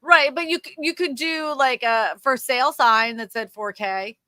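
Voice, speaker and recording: A woman talks through feedback in a casual livestream, with a bright, forceful tone. Her delivery is direct and coaching, with quick asides. The sound is dry and close, with little room echo. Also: high voice. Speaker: co-host giving thumbnail feedback.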